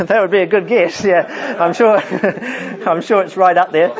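A man's voice: high-pitched, measured pace, muffled recording, a crowd in the background. Chuckling man leading a casual Bible talk. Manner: chatty, chuckles often, friendly asides. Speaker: Bible study leader. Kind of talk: informal Bible talk to a group.

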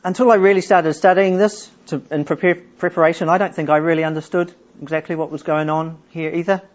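Middle-aged male preacher, fairly high voice, earnest teaching sermon, dull recording. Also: fairly even intonation. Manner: earnest, explanatory, reads scripture aloud slowly.

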